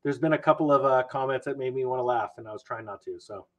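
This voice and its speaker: A man who is a finance video maker, chatting casually as a podcast guest with animated, self-mocking storytelling. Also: mid-range voice, quick pace, poor audio.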